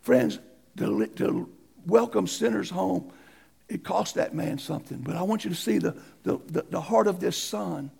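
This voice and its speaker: Male pastor, high gravelly voice, preaching style that swings from shouting to near hush. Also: animated, moderate pace. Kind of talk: sermon.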